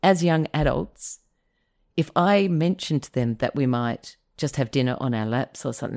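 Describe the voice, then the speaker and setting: A woman's voice: a bass voice, moderate pace, a little mellow. A middle-aged woman, hosting a podcast and chatting casually with many fillers. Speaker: podcast host. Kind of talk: casual conversation.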